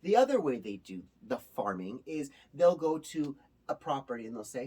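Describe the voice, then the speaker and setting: A man's voice: on the high side, moderate pace. A male host giving casual spoken commentary to his viewers in an emphatic way, with a touch of sarcasm. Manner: animated, emphatic, sometimes sarcastic. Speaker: show host.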